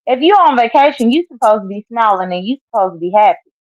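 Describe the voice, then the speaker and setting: A woman's voice: on the high side, lively intonation, fast talker, a little mellow, no room sound, highs cut off. A woman guest on a livestream chat, heated and outspoken, swearing freely.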